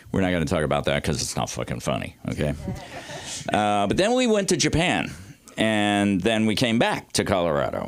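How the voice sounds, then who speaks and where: A man's voice: clear, resonant tone, no echo. A man in his sixties doing stand-up storytelling at an open mic, rambling and loose, with salty language and lots of filler words. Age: 60s. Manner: swings his pitch widely for comic effect. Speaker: comedy teacher performing at an open mic.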